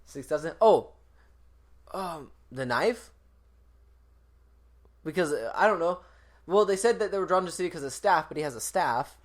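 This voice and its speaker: A man's voice: on the high side, lively intonation, normal speed, pauses often. A man co-hosting a podcast in casual chat, rambling with many restarts and chuckling often. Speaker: podcast co-host.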